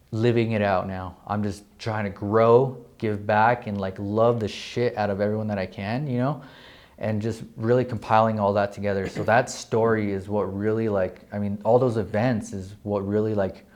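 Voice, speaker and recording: A young man from New Mexico, a real estate agent, telling his story in a casual interview, excited and profane, filling his talk with "like". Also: on the low side, moderate pace. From New Mexico, USA. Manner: excited, profane, heavy use of "like".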